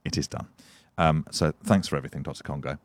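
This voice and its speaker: Low-voiced English man, co-host, relaxed teasing storyteller, dry close sound. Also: quick pace, dry recording. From England. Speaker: podcast co-host. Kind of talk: casual chat. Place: their home.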